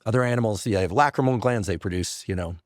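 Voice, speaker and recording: Middle-aged male host, very low voice, measured and halting, dry close mic. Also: dry recording. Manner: thoughtful, halting, many "uh" pauses. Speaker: podcast host, scientist. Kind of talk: conversational interview.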